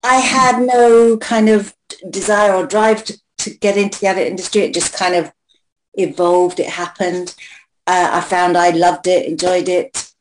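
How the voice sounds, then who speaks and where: A woman from England with an English accent, a guest chatting casually on a video call late at night, relaxed and a little tired. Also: fairly low pitch, normal speed, a little hiss or hum, poor audio.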